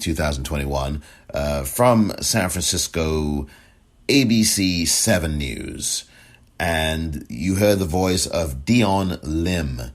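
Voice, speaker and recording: A man hosting a podcast, delivering impassioned, indignant opinion commentary full of rhetorical questions. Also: very deep voice. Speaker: podcast host.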